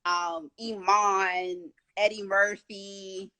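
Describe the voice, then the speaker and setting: Bright-voiced woman interviewer. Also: mid-range voice, level tone, extremely slow, low-quality recording. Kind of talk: casual interview chat.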